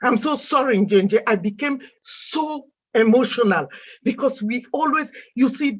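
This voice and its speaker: A woman's voice: a little high, husky. Impassioned woman on a muffled video call. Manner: emotional, pleading, repeats questions. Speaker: caller in an online meeting. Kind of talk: impassioned plea.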